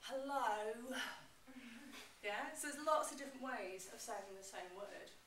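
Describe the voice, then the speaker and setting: Animated woman presenting in an echoey room. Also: fairly high pitch, unhurried, distant mic, a little hiss or hum. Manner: animated, expressive. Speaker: public speaking presenter. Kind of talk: presentation to a class. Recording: roomy echo, mic from afar.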